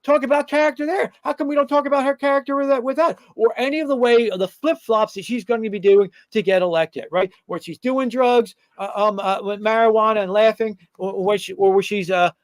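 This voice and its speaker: Middle-aged male talk host, high voice, rambling combative commentary, lots of filler. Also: fairly even intonation, brisk, few pauses, no room sound.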